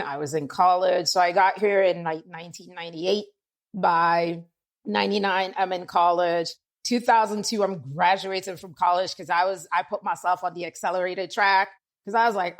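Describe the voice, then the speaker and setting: A woman in her forties from Antigua, with a lightly Antiguan accent softened toward American speech, telling stories in a casual podcast conversation. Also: medium pitch. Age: 40s. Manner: animated storyteller, quotes people in lively voices. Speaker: guest, lawyer and author.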